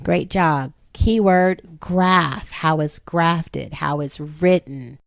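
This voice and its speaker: A woman's voice: low voice, very slow, creaky, no echo, clean studio sound. A woman in her thirties, a homeschooling mother, patiently explaining a phonics lesson to her children step by step.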